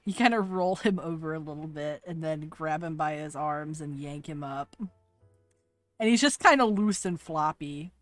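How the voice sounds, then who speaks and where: A woman's voice: low-pitched, moderate pace, no echo, faint music behind. A woman narrating as game master of a tabletop game, casual and laid-back.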